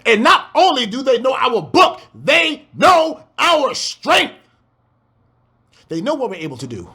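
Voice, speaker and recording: Impassioned man preaching a scripture breakdown, animated and swinging in pitch, with rhetorical questions. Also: measured pace, husky. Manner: fiery, exclaiming, rhetorical questions, swearing.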